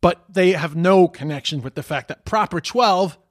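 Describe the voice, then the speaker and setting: A man's voice: high voice, normal speed, no room sound. Rambling Dublin man, dry close sound. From Ireland. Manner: rambling, swearing, self-amused. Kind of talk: casual storytelling monologue.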